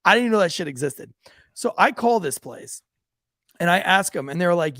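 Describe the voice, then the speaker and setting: A man, a police officer who hosts a podcast, tells a story in a profane, animated way and acts out the voices of the people in it. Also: high voice, a little fast, no echo, studio quality. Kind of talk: casual storytelling. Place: podcast studio.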